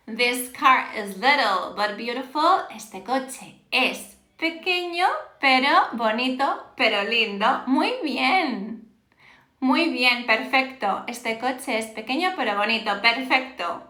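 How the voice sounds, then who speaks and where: A woman teaching Spanish live, picked up by her phone, speaks slowly and warmly as she reads viewers' answers and praises each one. She laughs easily and moves between English and Spanish in a high, bright voice. There's a roomy echo to the sound.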